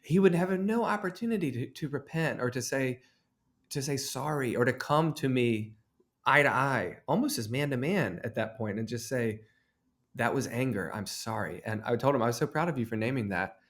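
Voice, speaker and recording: A man's voice: mid-range voice, expressive, moderate pace. A man in his thirties, an author and guest, telling a story in an earnest, reflective way. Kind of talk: conversational interview.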